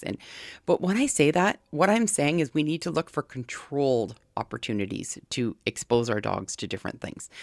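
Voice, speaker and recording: Reacting to a video clip, a dog behavior commentator speaks earnestly and pleads with viewers, repeating key points with frequent restarts and verbal fillers. The medium-pitched voice has no echo and studio quality.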